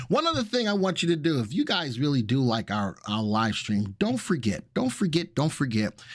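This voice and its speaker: This is a man with a mid-range voice hosting a live market stream, chatty and upbeat and full of fillers. The casual stream talk is recorded at studio quality with no room sound.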